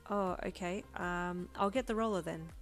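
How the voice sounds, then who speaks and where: A determined young vet talks earnestly and softly to her patient, played by a woman reader. Her voice sits slightly low, and gentle backing music plays behind her. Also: normal speed, natural voice. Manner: earnest and soft-spoken. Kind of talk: second-person listener role.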